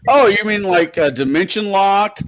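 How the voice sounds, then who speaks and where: A man's voice: high voice, normal speed. A man playing in a tabletop game, joking and swearing in casual chat. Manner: animated, joking, profane. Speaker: player.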